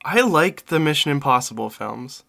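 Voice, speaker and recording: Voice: medium pitch, lively intonation, moderate pace, vocal fry, pushed and bright. A streamer chatting casually while playing a game with friends, rambling and self-interrupting. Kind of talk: casual gameplay stream chat.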